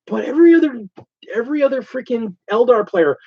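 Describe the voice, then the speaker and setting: Animated ranting man, dull lo-fi sound. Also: very high voice, fairly quick, slightly rough. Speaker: host. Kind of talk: casual chat.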